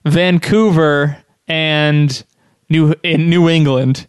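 A man's voice: on the high side, fairly even intonation, very slow, clean tone, no room sound, studio quality. A man hosting a podcast, chatting casually and enthusiastically in loose, rambling phrases. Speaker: podcast host. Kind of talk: casual chat.

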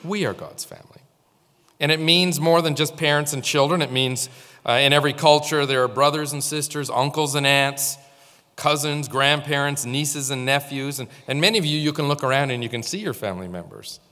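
A male pastor's high-leaning voice comes across pushed and bright, a little fast, as he gives a conversational sermon in church. He speaks directly to the congregation and tells stories, with long hall reverb on the recording.

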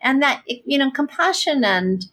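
A woman's voice: high voice, animated, measured pace, fairly bright tone. A woman pastor answering interview questions, speaking earnestly and with passion, often adding "you know" and "right?".

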